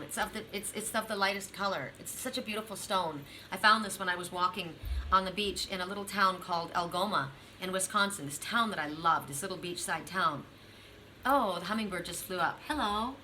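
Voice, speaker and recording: Bright-voiced woman giving a card reading. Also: lowish voice, a little hiss or hum, poor audio. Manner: earnest, repetitive, affirming, addresses the listener directly. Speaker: oracle card reader. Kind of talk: spiritual card reading to viewers.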